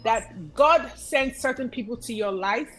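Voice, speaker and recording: A high-voiced woman, talking with earnest conviction on a casual talk show. She drives her points home by repeating emphatic phrases, like a sermon slipped into chat. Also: measured pace, fairly bright tone, soft background music, poor audio. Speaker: guest commentator.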